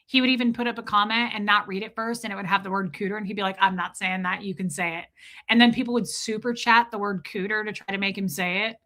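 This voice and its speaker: A woman's voice: mid-range voice, steady tone, fast talker, hardly any pauses, a bit bright. A woman hosting a livestream in casual chat with viewers, telling stories freely, laughing and swearing as she goes. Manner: chatty storyteller who laughs and swears freely. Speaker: livestream host.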